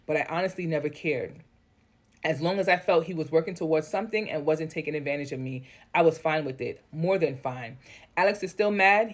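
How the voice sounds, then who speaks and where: A woman reading an online post aloud and breaking off into blunt, candid commentary, swearing freely. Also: low voice. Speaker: story reader and commentator.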